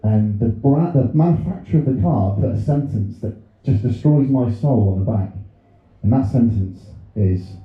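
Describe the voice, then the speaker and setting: A man's voice: mid-range voice, moderate pace. Man, thirties, stand-up comic, self-deprecating storyteller, very echoey, tinny phone-like sound. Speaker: stand-up comedian. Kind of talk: stand-up set. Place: comedy club stage.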